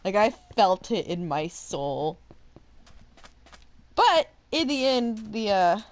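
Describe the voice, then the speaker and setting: A woman who works as a substitute teacher, telling a story in a casual, animated way and laughing through it. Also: mid-range voice, takes it slowly.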